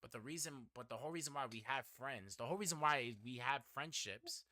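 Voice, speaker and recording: A man's voice: mid-range voice, lively intonation, a little fast, bright, forceful tone, dry recording. A young man from the Bronx, hosting a casual podcast chat, acting out dialogue and swearing freely as he tells stories. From the Bronx, New York. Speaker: podcast host.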